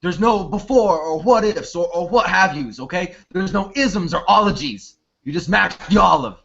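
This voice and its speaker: A man's voice: high voice, expressive, moderate pace, creaky, fairly bright tone, exaggerated voice. A man improvising a brash, blunt male morning-show co-host who gets impatient, in a comedy scene over a lo-fi online call. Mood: stern. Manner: blunt, impatient, breaks into laughter. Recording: dull lo-fi online call audio.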